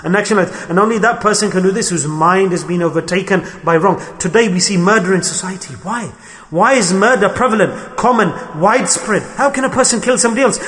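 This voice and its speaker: A man's voice: sits high, fairly bright tone, big-room sound. A man preaching a sermon, asking the listeners rhetorical questions and acting out quarrels in short bits of dialogue. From United Kingdom. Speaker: Islamic preacher.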